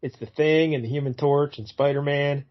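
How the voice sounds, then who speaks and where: A man co-hosting a podcast, retelling a comic book in a casual, rambling way, often pausing on "uh". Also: fairly high pitch, fairly even intonation, dull audio. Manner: rambling, fills gaps with "uh", acts out quotes loosely. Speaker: podcast co-host.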